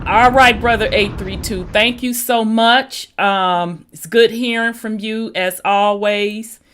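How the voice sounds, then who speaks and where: A woman's voice: medium pitch, steady tone, slow, fairly bright tone, slight background noise. A woman hosting a casual live-stream talk show, loose and folksy as she talks up her audience. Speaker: host.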